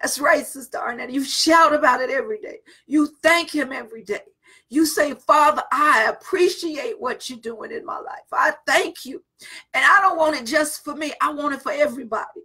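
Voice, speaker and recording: A woman's voice: high-pitched, a little fast, sharp tone. A woman pastor leading a fervent prayer and preaching in an informal, rhythmic way, repeating phrases and breaking into tongues.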